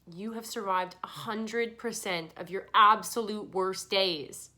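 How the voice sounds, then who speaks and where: A woman's voice: mid-range voice, normal speed, pushed and bright. A woman hosting a podcast, tearful and earnest, giving a pleading motivational monologue. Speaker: podcast host.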